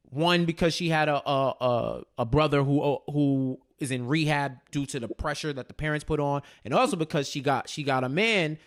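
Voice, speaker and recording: A man co-hosting a casual TV recap chat, animated and quick to act out characters' lines, laughing often. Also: a little high, clear, resonant tone. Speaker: podcast co-host.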